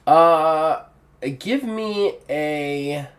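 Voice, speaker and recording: A man's voice: a little high, drawn-out words. A man narrating a tabletop game as game master in a casual, rambling way. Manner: casual, rambling with fillers and restarts.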